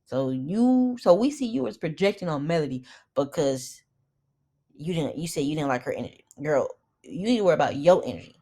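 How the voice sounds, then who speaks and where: A woman's voice: sits low, lively intonation, fairly quick, dark tone. A young woman recapping a reality show in blunt, profane, opinionated casual commentary.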